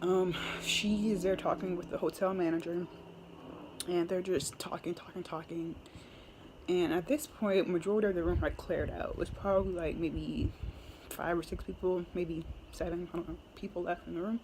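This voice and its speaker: A woman's voice: on the low side, steady tone, normal speed, darkish tone, slight background noise. A young woman telling a casual story to camera, chatty and laughing often, with lots of fillers. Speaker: military recruit vlogger.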